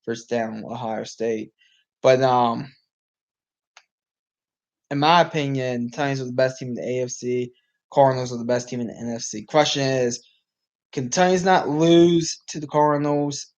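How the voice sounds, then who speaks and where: A man's voice: mid-range voice, fairly even intonation, normal speed, long pauses, darkish tone. A man casually talking sports as host, rambling with frequent restarts and filler, his voice getting worn out. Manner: rambling, restarts, many ums, reacts to live game. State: losing his voice. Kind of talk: casual live sports talk.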